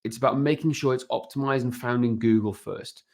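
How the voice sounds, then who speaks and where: Man, podcast guest, gravelly voice, energetic, frequent "right?" check-ins. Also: medium pitch, a little fast. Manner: energetic, keeps adding "right?" tag questions. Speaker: podcast guest, business owner. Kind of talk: casual podcast interview.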